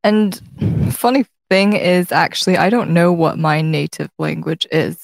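A young woman co-host with an American-leaning non-native accent, chatting in a lively, playful way. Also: lowish voice, measured pace, vocal fry, no room sound, studio quality. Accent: American-leaning non-native English. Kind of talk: casual chat.

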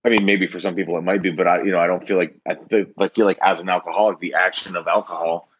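Low husky guy from the rural northeast US, rambly casual talk, lots of likes and um. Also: level tone, highs cut off. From rural northeastern United States. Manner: halting, full of fillers and restarts. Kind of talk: casual conversation.

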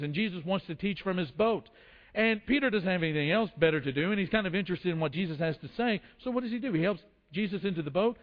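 A man preaching a sermon, telling the story with acted quotes and frequent restarts. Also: sits high. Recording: dull lo-fi sound in a long-reverb hall.

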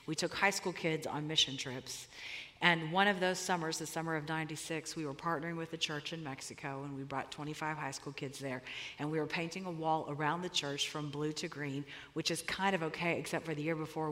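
A woman's voice: low-pitched, steady tone, a little fast, fairly bright tone. A middle-aged woman giving a sermon, telling a personal story in a conversational, emphatic way. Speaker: preacher. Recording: long hall reverb.

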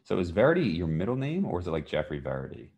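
A man's voice: sits low, huge pitch swings, fast talker, creaky, a little mellow, slightly rough. A man hosting a podcast casually, with short, easygoing reactions and questions. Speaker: podcast host. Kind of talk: casual chat.

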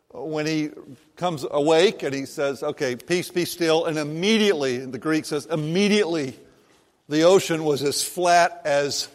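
A man preaching a sermon, talking slowly and deliberately in a slightly higher voice. His words ring out in a church sanctuary with a long, lingering reverb. He reads the scripture first and then explains it in a lively, conversational way. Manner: slow and animated, voicing the disciples and Jesus in quoted lines. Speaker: pastor. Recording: long reverb of a large hall.

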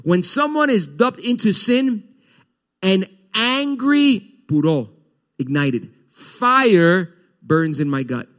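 A male pastor preaching a sermon to his congregation, animated, his voice rising and dropping as he explains scripture. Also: high voice, slow pace. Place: church.

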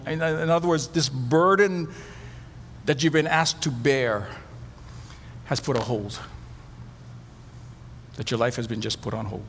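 A man's voice: mid-range voice, in a large hall, slight background noise. A middle-aged man preaching a sermon as pastor, telling stories with animation and acting out the voices of the people he quotes.

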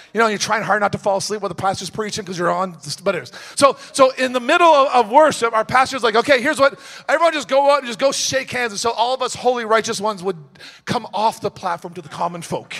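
Man, high voice, preacher, sermon, shifts from quiet to shouting. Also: vocal fry. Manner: storytelling, swings from hushed to shouting.

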